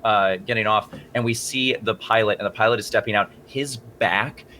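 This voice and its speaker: A man co-hosting a casual podcast, telling a story with lots of laughter and excited jumps in his voice. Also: normal speed, a little hiss or hum. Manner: animated storyteller, laughs often and jumps high in pitch.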